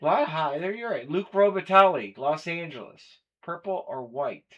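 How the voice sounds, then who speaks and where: A man's voice: on the high side, lively intonation, normal speed, pushed and bright, highs cut off. A man hosting a live collectibles stream, chatting casually and running through a list of players and teams. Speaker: stream host. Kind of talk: live breaking stream chat.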